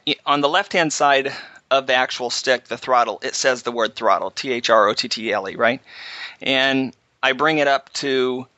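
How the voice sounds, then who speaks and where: A man hosting a casual chat, telling a halting, animated story about flying. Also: mid-range voice, no echo. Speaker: podcast host, pilot. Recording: slightly dull, dry audio.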